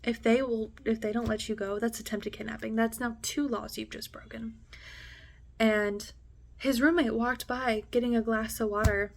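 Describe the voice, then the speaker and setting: A woman's voice: fairly high pitch, level tone, moderate pace, gravelly. A young woman vlogger candidly recounting a painful personal experience, emotional, swearing often, and dropping to a near-whisper at intense moments. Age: young adult. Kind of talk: personal storytelling to camera.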